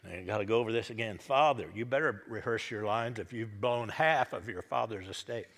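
A man's voice: on the low side, fairly quick, fairly bright tone, in a large hall. A middle-aged man preaching a sermon as a pastor, in a folksy storytelling manner that acts out the characters. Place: church.

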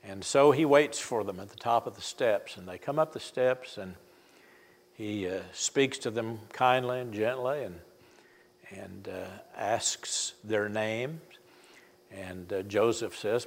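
An older man preaching a sermon, retelling a story in a folksy, halting way with many fillers and restarts. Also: fairly low pitch. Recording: long hall reverb.

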